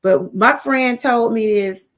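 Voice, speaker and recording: Livestream host, middle-aged Southern woman, slightly high voice, loose rambling talk that circles back to its point. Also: slow. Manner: rambling, repetitive, addresses viewers as y'all. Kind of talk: casual live-stream chat.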